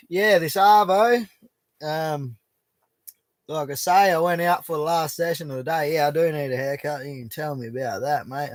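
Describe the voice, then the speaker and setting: A man's voice: fairly high pitch, dry recording. An Australian man hosting a casual live stream from an outback bush camp, greeting viewers by name in a laid-back, matey way. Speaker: livestream host.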